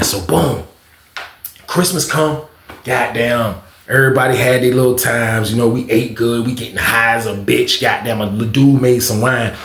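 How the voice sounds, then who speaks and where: A man spins a story in an animated, profane, loose way, tossing in repeated exclamations. His voice sits at a middling pitch. The recording has a roomy echo around it. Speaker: storytime host. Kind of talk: casual storytelling.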